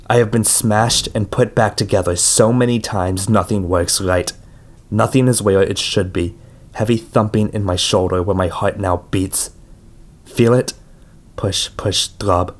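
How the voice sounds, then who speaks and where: Brief: low-voiced male audiobook narrator, measured and somber. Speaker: audiobook reader. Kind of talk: first-person audiobook narration.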